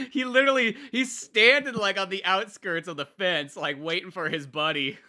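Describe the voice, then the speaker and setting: A man's voice: high voice, moderate pace, pushed and bright. A man co-hosting a podcast, chatting casually about a movie, swearing freely and laughing often. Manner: profane, laughing, puts on mock voices. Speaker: podcast co-host.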